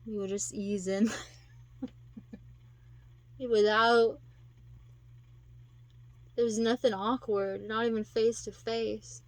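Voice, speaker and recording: A woman's voice: on the high side, flat delivery, extremely slow, pauses often, no echo. A woman talking casually to her viewers, rambling and giggling, acting out quotes in put-on voices. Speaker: vlogger. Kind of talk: casual monologue to camera.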